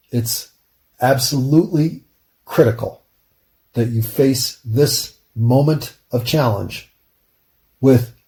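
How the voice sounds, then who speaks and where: Slow, dark-voiced man musing aloud. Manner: musing, says "pause" and "unpause" aloud; jumps into high playful tones for jokes. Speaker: podcaster recording a solo audio diary. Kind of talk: rambling solo monologue.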